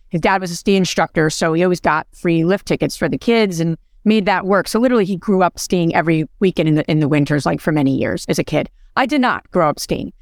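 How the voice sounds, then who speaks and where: A woman's voice: lowish voice, dry recording, clean studio sound. A woman in her forties hosting a podcast, telling stories in a chatty way, often asking "right?" and laughing. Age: 40s. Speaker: podcast host. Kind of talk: casual podcast chat.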